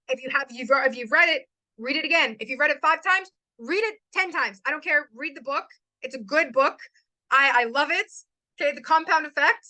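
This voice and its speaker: A woman's voice: sits high, fairly quick, bright, forceful tone, no room sound, rough recording. A young woman hosting a motivational talk to a live chat, emphatic and given to repeating lines for stress. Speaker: host.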